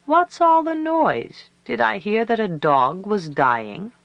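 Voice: mid-range voice, big pitch swings, slow, gravelly, no echo, lo-fi sound, voice pushed up, exaggerated voice. A reader voicing a spiteful old woman who taunts her neighbors with a sneer. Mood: mocking. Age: older.

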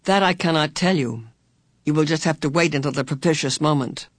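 Man voicing a gentle, motherly otherworldly woman. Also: fairly high pitch, fairly quick, dry recording, clean studio sound, close to an everyday voice. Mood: gentle reassuring. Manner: gentle, reassuring. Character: kindly motherly supernatural woman.

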